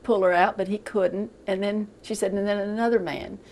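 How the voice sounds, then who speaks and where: An older woman giving a halting, emotional account in a news interview, often repeating words as she goes. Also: medium pitch, steady tone, a little mellow, a little hiss or hum, low-quality recording.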